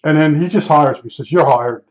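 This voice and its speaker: A man's voice: fairly high pitch, normal speed. An older man from New Jersey telling a rambling personal anecdote in a casual, conversational way, full of fillers and restarts. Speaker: storyteller. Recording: dull lo-fi recording.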